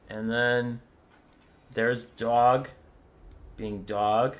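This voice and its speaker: A man's voice: medium pitch, normal speed, long pauses, fairly bright tone. A young man who says he feels sick, chatting casually with viewers while he sets up a strategy game, rambling and cooing over pet photos. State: sick, stuffy. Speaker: streamer. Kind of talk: casual gameplay chat with viewers.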